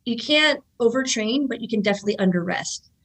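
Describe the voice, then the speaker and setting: A woman in her thirties, a jiu-jitsu instructor, telling stories in an animated way and filling her speech with "like.". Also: a little high, a little fast. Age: 30s. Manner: animated storyteller, many fillers like "like". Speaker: guest, jiu-jitsu black belt and instructor. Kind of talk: casual podcast conversation.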